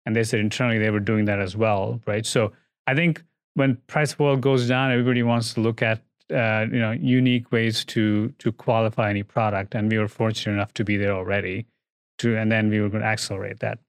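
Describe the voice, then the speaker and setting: A man's voice: lowish voice, little pitch movement, fairly quick, clear, resonant tone, no echo. Hesitant businessman with a dry sound. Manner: thoughtful, hedging, frequent fillers and restarts. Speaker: guest, oil industry executive. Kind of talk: business interview conversation.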